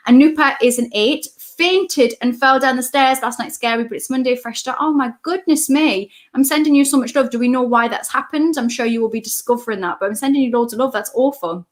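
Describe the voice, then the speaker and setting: Woman, slightly high voice, casual live-stream coach, reads comments aloud. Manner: chatty, greets viewers by name and reads out comments. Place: at home.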